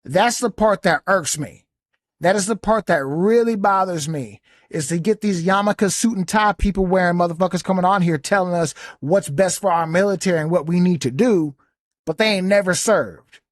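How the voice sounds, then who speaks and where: A man's voice: high-pitched, normal speed, dry recording, studio quality. A man who is a soldier hosts a podcast, giving blunt, profane, indignant commentary. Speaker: podcast host reacting to a clip. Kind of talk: casual commentary rant.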